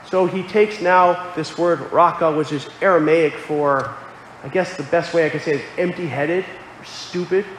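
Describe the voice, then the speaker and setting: A man's voice: a little high, fairly even intonation, normal speed, a little hiss or hum. A man preaching a sermon, earnest and explanatory, quoting scripture aloud. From Connecticut. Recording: echoey hall with faint ambience.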